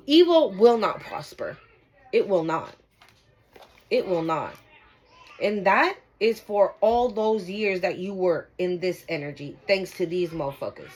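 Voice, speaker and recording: A woman's voice: mid-range voice, rough recording. Emphatic, profane woman tarot reader. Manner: emphatic, repetitive, profane, addresses viewers directly. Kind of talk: casual spiritual card reading.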